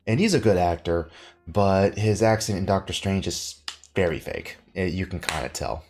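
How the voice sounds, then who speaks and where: A tired man hosting a podcast, rambling through a casual rant. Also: sits low. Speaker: podcast host.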